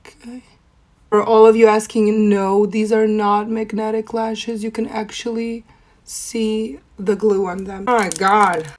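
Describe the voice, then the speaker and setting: A young woman with a hoarse, rough voice from a cold, chatting playfully through a makeup tutorial. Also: level tone, measured pace, dark tone. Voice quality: deep, rough voice. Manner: playful, self-mocking, chatty. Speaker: makeup vlogger. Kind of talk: casual makeup tutorial chat.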